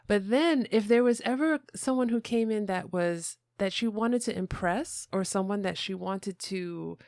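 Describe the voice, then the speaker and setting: A woman's voice: medium pitch, a little slow, darkish tone, dry recording, studio quality. A woman hosting a podcast interview, talking in a reflective, chatty way with lots of fillers. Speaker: podcast host.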